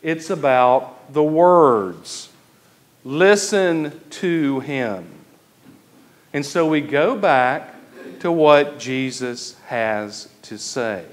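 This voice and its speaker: A man, an Episcopal priest, preaching a sermon in a church, slow and deliberate, stretching key phrases for emphasis. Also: medium pitch.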